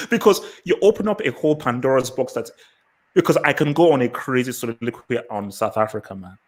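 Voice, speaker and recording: A man hosts a casual live panel discussion. He talks in long, winding runs, stacking up fillers and breaking into laughs as he goes. His pitch sits in an ordinary middle range for a man. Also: fairly quick, rough recording. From Nigeria. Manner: rambling, full of fillers, animated and laughing.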